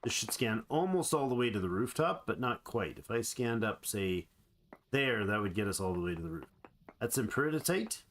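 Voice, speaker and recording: A man's voice: on the low side, sing-song, moderate pace, a bit bright, slight background noise. A man giving playful, rambling let's play commentary on a survival game, chatting to the animals he meets. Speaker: gamer.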